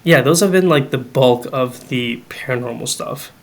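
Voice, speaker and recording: A man's voice: medium pitch, moderate pace. A young man, a podcast guest, telling a family ghost story in casual chat, full of "like" and "um" and acting out the dialogue he quotes. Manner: animated, acts out quoted dialogue; many fillers like "like" and "um".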